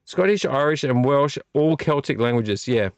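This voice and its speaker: A man's voice: medium pitch, animated, moderate pace, no room sound, muffled recording. A man hosting a late-night live stream, tipsy from drinks and rambling off on tangents while chatting to viewers. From Australia. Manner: rambling, digressive, talking to chat. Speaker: vlog host.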